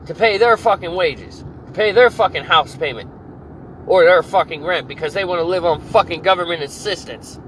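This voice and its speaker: A man's voice: high-pitched, moderate pace, a bit bright, low-quality recording. A man in his twenties, a podcast host, delivering an angry, profane solo rant full of restarts and repeated phrases. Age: 20s. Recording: clear background noise of traffic and air conditioning.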